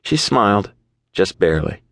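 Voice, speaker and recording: A man narrating an audiobook in the first person, measured and even. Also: low voice, vocal fry, no room sound, clean studio sound. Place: studio booth.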